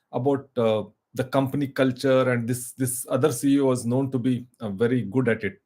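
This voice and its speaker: A man's voice: medium pitch, darkish tone. A man telling a motivational story informally, with frequent restarts and hesitations. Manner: halting, full of restarts and fillers.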